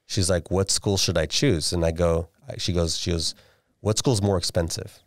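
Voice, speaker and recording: In a casual interview, a deep-voiced man in his forties recounts a family story as a podcast guest, speaking at a normal pace in a steady tone. He repeats words and restarts sentences along the way, and the recording is close and dry, without room echo.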